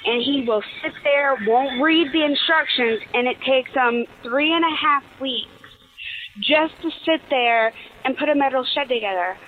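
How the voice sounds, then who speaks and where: A woman calling in to a radio show, complaining in an exasperated way. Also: high-pitched. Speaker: caller. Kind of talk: venting on a call-in line. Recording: caller on a tinny phone line.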